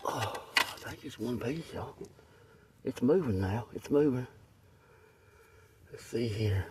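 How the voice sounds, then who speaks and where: A man vlogging as he digs for gemstones, chatty and excited, talking to viewers and breathing hard from the work. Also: mid-range voice, slow pace, pauses often. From Tennessee. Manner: excited, chatty, keeps addressing viewers as y'all. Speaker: rockhounding vlogger. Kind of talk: casual first-person narration while digging. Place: muddy riverbed outdoors. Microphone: phone camera, point-of-view. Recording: distant phone mic with clear outdoor noise.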